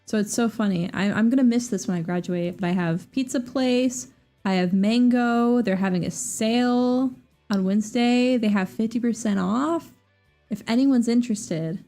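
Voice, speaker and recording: A young woman in her twenties with a soft Southern US accent rambles through a casual livestream chat. Her voice is mellow and warm, and she talks fast and animatedly, full of fillers and quick restarts. Faint music plays underneath. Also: a little high. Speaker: streamer.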